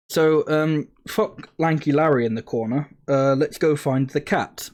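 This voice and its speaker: A man's voice: on the high side, unhurried, few pauses, a little mellow. A man streaming a puzzle game, chatting casually with rambling, sweary jokes and asides. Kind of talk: casual let's-play commentary.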